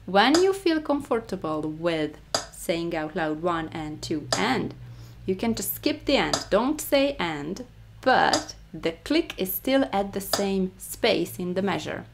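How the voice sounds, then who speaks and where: A woman with a Hungarian accent leads a rhythm exercise, counting beats aloud and leaning hard on each "one." She speaks slowly, and her pitch rises and falls in a lively way. Metronome clicks and a faint hiss sit behind her voice. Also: creaky. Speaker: music teacher. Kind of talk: instructional rhythm lesson.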